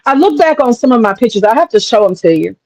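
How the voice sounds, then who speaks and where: A woman delivers a casual monologue as a commentator, blunt and profane. Her voice sits a little high, and she slips into quick impressions of other people. The recording is dry and close, with no room sound. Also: lively intonation, darkish tone, dry recording, low-quality recording.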